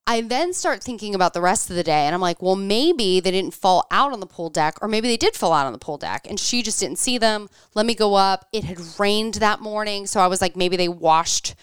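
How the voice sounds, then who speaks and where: A woman's voice: medium pitch, normal speed, few pauses, clear, resonant tone, no room sound, clean studio sound. A woman in her thirties, a podcast co-host, telling a story in casual chat and acting out the dialogue with animation. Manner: animated, acts out quoted dialogue.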